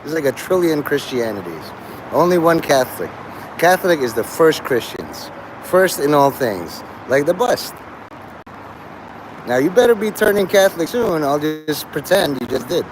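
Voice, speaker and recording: A man's voice: fairly high pitch, very animated, moderate pace, noisy background. A man hosting a livestream, talking to his chat in a crude, rambling way and laughing at his own jokes. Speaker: livestream host.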